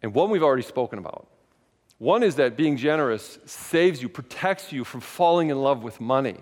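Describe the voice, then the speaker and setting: A man preaching a sermon as pastor, in a conversational, animated way with frequent restarts, speaking in a church sanctuary. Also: medium pitch, normal speed, long reverb tail.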